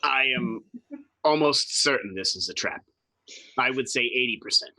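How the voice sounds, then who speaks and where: A man's voice: mid-range voice, moderate pace, bright, forceful tone. A man playing a tabletop game, talking in a skeptical way and laughing easily. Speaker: player.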